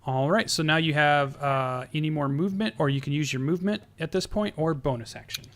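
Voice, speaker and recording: Bright-voiced man running a tabletop game. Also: a little high, a little fast. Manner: easygoing, prompting players with questions. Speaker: game master.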